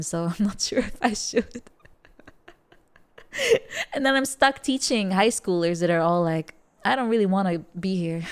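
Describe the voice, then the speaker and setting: Giggly woman streamer chatting. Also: medium pitch. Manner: giggly, laughs often between remarks. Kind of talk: casual chat with live viewers.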